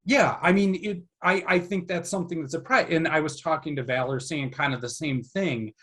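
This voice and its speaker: A man's voice: on the high side, brisk, fairly bright tone. A man hosting an interview podcast, asking long, enthusiastic, rambling questions. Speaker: podcast host. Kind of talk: casual interview.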